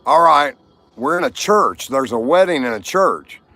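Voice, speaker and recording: A man's voice: fairly high pitch, lively intonation, a little slow, vocal fry, sharp tone, dry recording. A man hosting a casual livestream, chatting with viewers and telling jokes. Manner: chatty, jokey, talks to viewers. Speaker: livestream host.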